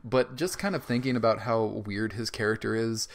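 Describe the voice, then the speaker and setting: A man's voice: fairly low pitch, normal speed. A man co-hosting a podcast, chatting casually about a film, joking and playfully defending it. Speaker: podcast co-host. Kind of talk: casual film review chat.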